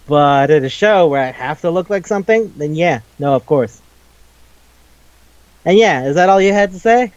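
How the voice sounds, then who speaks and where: A man with a fairly high voice, chatting casually as co-host of a podcast. He rambles, gets excited easily and swears freely. The recording sounds dry and a little dull. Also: moderate pace, smooth, dry recording. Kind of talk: casual chat.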